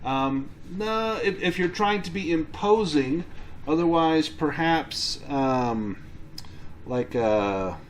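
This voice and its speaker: A man narrating a tabletop horror game as game master, halting and hesitant. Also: on the high side, expressive, a little hiss or hum.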